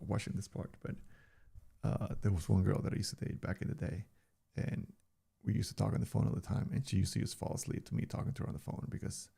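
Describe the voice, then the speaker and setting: An older man chatting casually on a live stream, loose and rambling, speaking into a studio microphone. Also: mellow. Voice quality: deep gravelly voice. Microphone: studio dynamic microphone.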